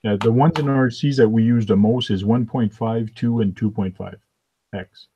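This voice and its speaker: A man's voice: on the low side, normal speed, mellow, highs cut off, slight background noise. A man whose first language is French, in a casual podcast chat, joking at himself. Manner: self-deprecating, joking.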